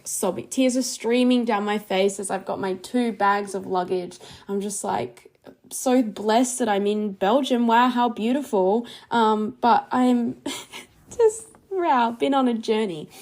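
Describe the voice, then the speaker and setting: A woman's voice: mid-range voice, a little mellow. A young woman from Australia, hosting her podcast and telling a travel story in a casual, chatty way, with many ums and likes, laughing as she goes. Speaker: podcast host.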